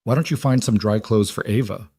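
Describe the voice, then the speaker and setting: A man voicing a kind single father who speaks quietly and gently, in a dry recording. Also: fairly low pitch, a little fast, breathy edge, no echo. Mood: gentle.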